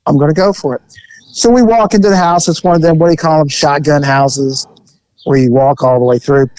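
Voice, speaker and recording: Brief: male podcast host, somewhat high voice, rambling joking storyteller, dull dry audio. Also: steady tone, a little fast, darkish tone, clean tone, dry recording.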